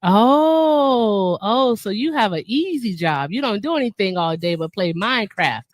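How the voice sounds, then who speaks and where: A woman's voice: medium pitch, expressive, unhurried, no room sound. A woman hosting a casual livestream, chatty and playful with a teasing manner. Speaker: livestream host.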